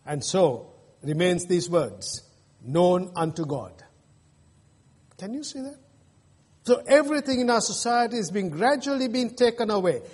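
An Australian male pastor preaches emphatically to his congregation in a church sanctuary, his high voice swinging widely in pitch, a little mellow and husky. He uses mocking jeers and pauses, and the hall is reverberant.

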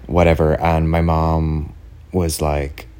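Very deep-voiced Irish man chatting. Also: monotone, slow pace, darkish tone, clean tone. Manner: chatty and rambling, heavy on "like" and "do you know what I mean". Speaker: podcast host. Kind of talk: casual solo chat.

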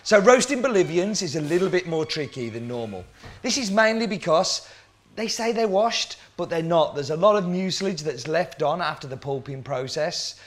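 A man's voice: a little high, animated, normal speed. A man working as a coffee roaster, explaining cupping scores and roasting, talking through questions aloud as he goes.

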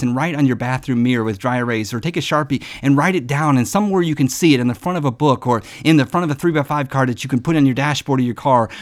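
A man hosting a devotional podcast. He teaches in a casual, earnest, storytelling way and often says "man.". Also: medium pitch.

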